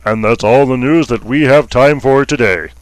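A man's voice: medium pitch, normal speed, no room sound. A man hosting a parody newscast in a mock-formal manner, muttering asides. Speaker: comic news anchor.

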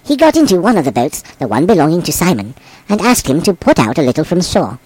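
Lively, expressive male scripture reader. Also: on the high side, quick pace, dry recording, rough recording. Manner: expressive, voices the quoted speakers. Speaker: abbot reading scripture.

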